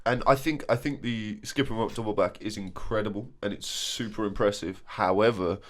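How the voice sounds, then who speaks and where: A man's voice: lowish voice, moderate pace. A young man co-hosting a casual chat about clips, laughing often and swearing casually. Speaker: co-host.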